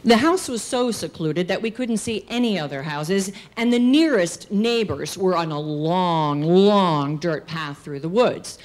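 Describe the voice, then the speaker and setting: Animated woman telling a story on stage. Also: on the low side, unhurried, hardly any pauses. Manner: animated, acts out characters' shouts. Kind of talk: live storytelling performance. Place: stage at a live storytelling show.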